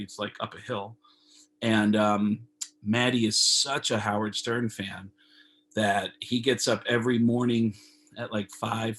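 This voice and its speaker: A man with a lowish, husky voice, captured on a rough recording, is a comedian guest in a casual storytelling interview over a video call. He spins a long, profane anecdote with lots of energy, acting out other people's lines in raised voices as he goes.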